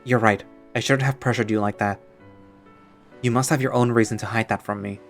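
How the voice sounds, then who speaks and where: A man's voice: lowish voice, steady tone, fairly quick, faint music behind, lightly acted. A man playing a young man who presses a friend with earnest, hurt questions. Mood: frustrated.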